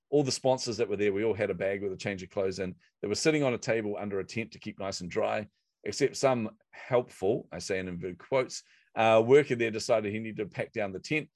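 A middle-aged man recounts a story as a podcast guest. His voice sits low and sounds dry and close. He talks animatedly, acting out quotes. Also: no room sound. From New Zealand. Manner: animated anecdotal delivery with acted quotes.

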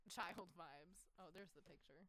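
A young woman co-hosting a casual chat, retelling a story in an animated way and acting out each character's lines, swearing and laughing often. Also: fairly low pitch, unhurried. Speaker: podcast co-host.

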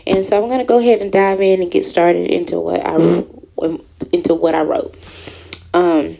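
A woman in her thirties, from Houston, Texas, reading aloud from her own written story and adding personal comments, soft and halting with many ums. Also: on the low side, steady tone, vocal fry, dull audio. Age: 30s. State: emotional, near tears.

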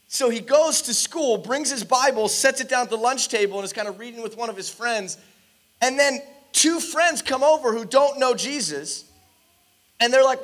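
A man preaching in church with a high, light voice. He tells stories with energy and slips into the voices of the people in them. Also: brisk. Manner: animated storytelling, acts out quoted dialogue. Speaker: pastor. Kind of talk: sermon.

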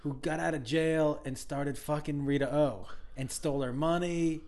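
A man who is a podcast guest, chiming in with quick, joking remarks in casual chat. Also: on the high side, fairly even intonation. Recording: loud background noise.

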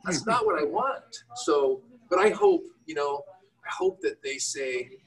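Animated middle-aged man telling stories. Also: a little high, a little slow, recorded from a distance, low-quality recording. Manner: animated, self-deprecating, quotes himself in raised voices. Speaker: guest entrepreneur and father. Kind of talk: candid storytelling in a conversation.

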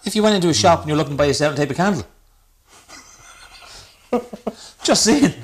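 A man's voice: a little high, expressive, brisk. A man co-hosting a podcast, teasing his friend and laughing in casual comedic chat. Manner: playful, teasing, laughs often. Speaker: podcast co-host.

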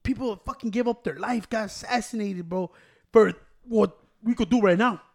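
High-voiced man ranting, cursing. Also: moderate pace, gravelly. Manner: profane, heated ranting, slips into Spanish. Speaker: podcast co-host. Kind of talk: casual chat.

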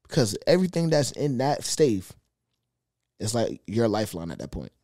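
Male podcast co-host, casual and argumentative, mid-pitched voice, dry close sound. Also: normal speed, no echo. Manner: animated, argumentative, acts out quoted speech. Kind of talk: casual chat.

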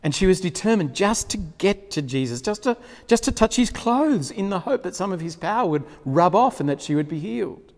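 Man, preacher, sermon, animated storytelling, chuckles, fairly high voice, long hall reverb. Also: brisk, hardly any pauses.

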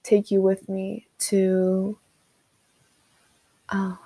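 A young woman venting in an unscripted monologue, halting with frequent fillers and pauses, recorded on a phone voice memo. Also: mid-range voice, monotone, dark tone. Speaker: vlogger.

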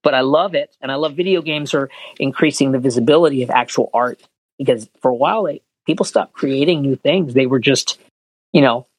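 A man being interviewed as a voice actor, telling animated anecdotes and acting out quotes in higher voices. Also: a little fast, breathy edge, no room sound, poor audio. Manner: animated storyteller, acts out quotes in high voices. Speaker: voice actor guest.

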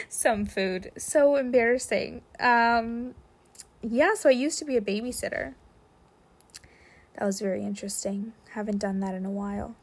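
Animated young woman telling a story. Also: on the high side, normal speed. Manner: animated, acts out quotes, laughs often. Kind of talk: casual anecdote.

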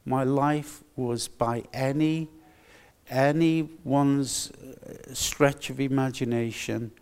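A man's voice: medium pitch, darkish tone. An older man preaching a sermon, earnest and emphatic, repeating his key phrases. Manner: earnest, slow and emphatic with repetitions.

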